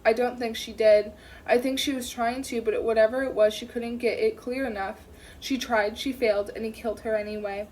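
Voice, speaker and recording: A woman's voice: a little high, fairly even intonation, a little fast, darkish tone, a little hiss or hum, low-quality recording. Woman narrating a tense audiobook. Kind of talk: first-person audiobook narration.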